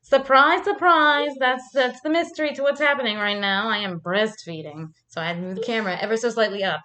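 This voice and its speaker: A woman's voice: medium pitch, fast, fairly bright tone. Casting: casual woman vlogger, rambling and profane, talking to camera at home. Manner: rambling, profane storytelling with frequent likes.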